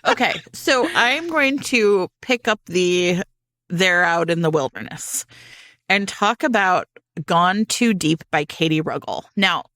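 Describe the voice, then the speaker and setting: Woman podcast co-host, bright lively voice, quick to laugh, swears with enthusiasm. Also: on the low side, no room sound. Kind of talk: casual chat about romance books.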